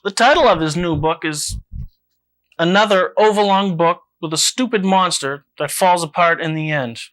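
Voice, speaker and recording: A man hosting a mock book review segment, delivering satire in a dry, deadpan way. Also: high-pitched, normal speed.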